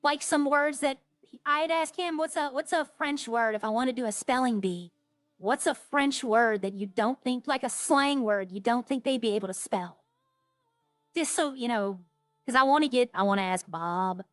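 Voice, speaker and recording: This woman's fairly high voice comes through at a moderate pace with no echo. She's streaming a roleplay game, chatting casually and rambling, trailing off mid-thought and then picking back up.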